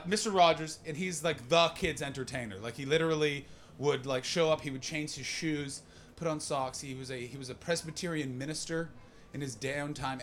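Brash, high-voiced American comedian. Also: male voice. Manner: brash, profane, shifts from mumbling asides to loud rants. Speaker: stand-up comedian. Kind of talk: stand-up with crowd work. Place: comedy club.

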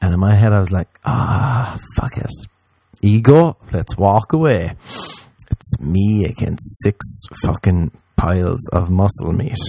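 A man's voice: low voice, a little slow, creaky, slightly rough. A man casually telling a rambling, profane story, acting out what he and others said. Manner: rambling, profane, animated quoting of himself.

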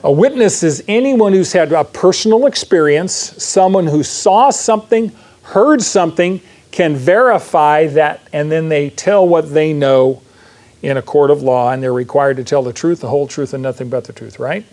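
Guy preaching in church, kinda high voice, keeps asking the crowd stuff and saying "right?". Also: normal speed, a little mellow. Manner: conversational teaching, frequent "right?" and questions to the audience. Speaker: pastor. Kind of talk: sermon.

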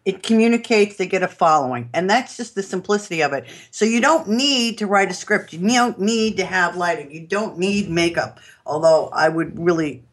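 A woman's voice: on the low side, animated, moderate pace, few pauses. A woman with a New York accent, a guest on a podcast, talking in a chatty, rambling way with many fillers and restarts and laughing as she goes. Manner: enthusiastic, laughs while talking. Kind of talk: casual interview chat.

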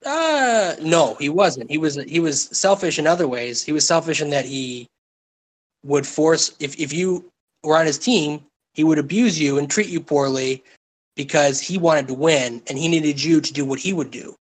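A man's voice: on the high side, normal speed. A man co-hosting a casual chat, talking in profane, emphatic rants. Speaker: podcast co-host.

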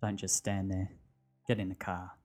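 A man reading a storybook figure: a ruthless adult male thug who talks flatly, with no emotion. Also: low voice, moderate pace, faint music behind, natural voice. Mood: quiet menace. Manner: flat, emotionless, matter-of-fact.

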